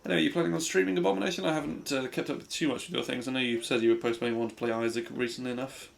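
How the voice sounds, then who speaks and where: A man's voice: medium pitch, steady tone, rapid-fire, creaky. A young man streaming a game, rambling and self-deprecating in casual commentary.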